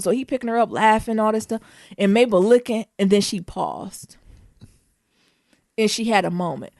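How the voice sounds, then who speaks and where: A woman co-hosting a podcast, telling a story in a casual, animated way and breaking into laughter. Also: mid-range voice, brisk, no echo, clean studio sound. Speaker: podcast co-host.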